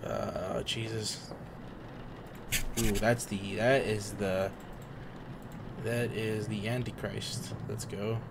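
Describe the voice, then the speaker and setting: A young man casually commenting while he plays a horror game, excitable and talking to the screen in slang, often swearing. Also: lowish voice, very slow, gravelly, pauses often, noisy background. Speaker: gaming streamer.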